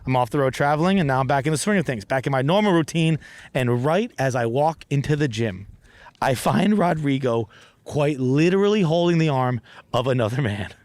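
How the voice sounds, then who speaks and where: A man's voice: fairly high pitch, no room sound. A man hosting a comedy podcast, telling a rambling, profane, self-deprecating story outdoors in a park, with frequent restarts.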